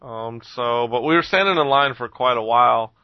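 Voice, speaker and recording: A man's voice: mid-range voice, moderate pace, clear, resonant tone, no echo. A young man tells a story in a casual, rambling way, with plenty of swearing and laughter. His voice sits in a mid-range. The recording is dry and muffled. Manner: rambling, profane, laughs often.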